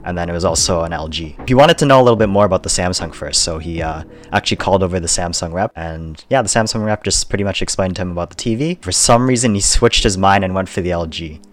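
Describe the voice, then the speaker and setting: Low-voiced young man, laid-back podcast chat. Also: fast talker, hardly any pauses, faint music behind. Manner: laid-back, laughs often, rambling with fillers. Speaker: podcast co-host. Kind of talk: casual chat.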